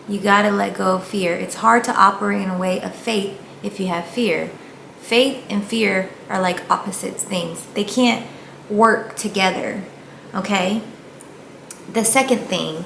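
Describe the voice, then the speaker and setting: A woman's voice: medium pitch, gravelly, fairly bright tone. A woman giving a casual, earnest motivational talk about faith, speaking straight to her viewers. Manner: earnest, encouraging, addresses viewers directly. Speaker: faith vlogger. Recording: echoey room with faint ambient noise.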